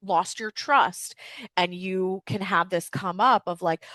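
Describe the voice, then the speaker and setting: A woman's voice: lowish voice, slow pace, a bit bright, no room sound. Woman, podcast host, candid, swears, lots of fillers, dry close sound. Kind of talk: casual personal-growth podcast talk. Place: home with dogs.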